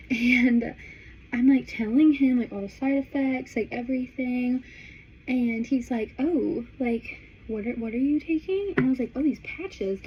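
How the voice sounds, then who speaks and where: A woman's voice: a little high, dull audio, a little hiss or hum. A young woman telling a story to her vlog audience in a chatty way, with "like" in nearly every phrase. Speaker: vlogger. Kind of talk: casual storytime chat.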